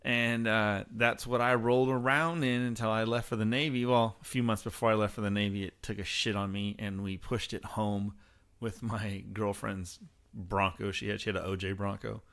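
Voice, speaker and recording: A man who is a guest on a podcast, telling stories in a relaxed, rambling way during casual chat. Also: fairly low pitch, normal speed. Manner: easygoing, rambling storyteller.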